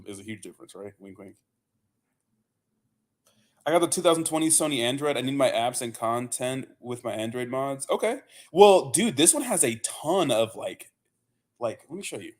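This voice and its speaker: A young man casually chatting on a livestream, rambling and swearing with lots of fillers and "bro". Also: mid-range voice. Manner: loose, profane, rambling with many fillers and "bro". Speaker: livestream host. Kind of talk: casual livestream chat reading viewer comments.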